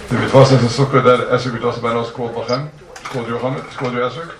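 Gravelly teacher, fast questions, echoey room. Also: male voice, mid-range voice. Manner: animated, fires rhetorical questions at students. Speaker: Talmud teacher. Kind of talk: yeshiva-style Talmud class. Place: classroom with students. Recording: roomy, distant mic, noisy ambience.

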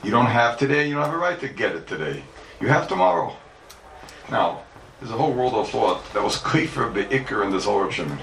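A man's voice: medium pitch, big pitch swings, brisk, gravelly, a bit bright. A man teaching Talmud to a congregation as a rabbi, emphatic, asking and answering his own questions and repeating key points. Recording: echoey room mic from far off, faint background noise.

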